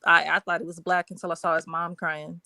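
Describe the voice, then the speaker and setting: A woman's voice: lowish voice, little pitch movement, brisk, gravelly, sharp tone, no room sound, clean studio sound. A woman talking candidly in a casual group discussion over a video call. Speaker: panelist.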